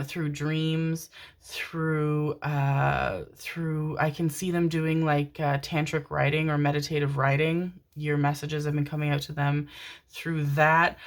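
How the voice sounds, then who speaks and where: Low-voiced woman gushing through a tarot reading. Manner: gushing, affectionate, addresses viewers as darlings; rambling with many fillers and restarts. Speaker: tarot reader. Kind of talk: pick-a-card tarot reading.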